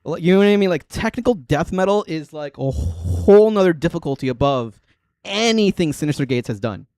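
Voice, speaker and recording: A man's voice: a little high, animated, a little fast, a little mellow, no echo. Rambling man in his thirties streaming. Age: 30s. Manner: rambling and filler-heavy, often laughing. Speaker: livestream host and bass player. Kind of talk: casual livestream chat.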